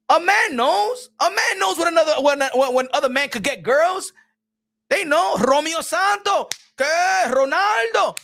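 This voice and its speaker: A man giving casual livestream commentary, animated and rambling, with frequent restarts, laughs and bursts of shouting. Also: very high voice, vocal fry. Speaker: boxing commentary streamer.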